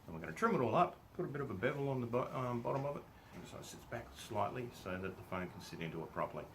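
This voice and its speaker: A man's voice: mid-range voice, sing-song, racing, a bit bright, slight background noise. A man, chatting casually and jokingly while he works on a woodworking project, often laughing at himself. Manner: jokey, chuckling, self-deprecating. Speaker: woodworking vlogger. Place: home workshop.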